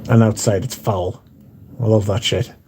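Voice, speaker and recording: A man's voice: lowish voice, fairly even intonation, unhurried, darkish tone, a little hiss or hum. A man hosts a livestream from home, reading out viewers' chat and bantering back in a laid-back way with casual swearing. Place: indoors at home.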